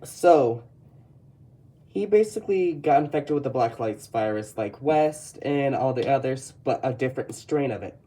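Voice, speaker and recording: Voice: medium pitch, expressive, moderate pace, warm tone, husky. A speaker with a Texan accent casually rambling through a tour of their old sketchbook, often stopping to correct themselves. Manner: rambling, self-correcting, chatty. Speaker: artist showing a sketchbook. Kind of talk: casual commentary.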